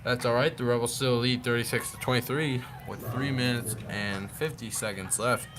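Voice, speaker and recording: A man's voice: medium pitch, steady tone, normal speed. A young man doing easygoing, slightly unpolished play-by-play commentary for a school basketball game. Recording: noisy gym ambience behind.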